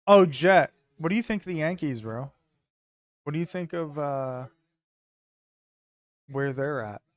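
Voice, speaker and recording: Upbeat, higher-voiced male streamer bantering. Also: a little slow, no room sound. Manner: loose, joking banter with frequent swearing. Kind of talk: casual chat with live viewers.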